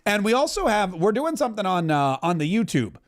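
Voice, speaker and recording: A man's voice: high voice, sing-song, fairly quick. A man hosting a live stream, chatting casually and wryly over a broadcast and thanking viewers for donations. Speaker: podcast host commenting on a live broadcast.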